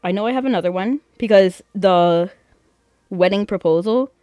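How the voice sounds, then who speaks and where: Chatty, excitable woman streamer. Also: mid-range voice, normal speed, clean tone, no echo. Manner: excitable, rambling, giggly. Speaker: gaming streamer. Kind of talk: casual gaming stream chat.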